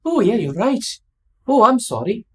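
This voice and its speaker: A woman's voice: fairly high pitch, big pitch swings, measured pace, fairly bright tone. A woman doing a bad Welsh clerk's voice. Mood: apologetic. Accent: Welsh, put on badly. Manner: fussy, apologetic, overly polite. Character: polite male tax office clerk, apologetic.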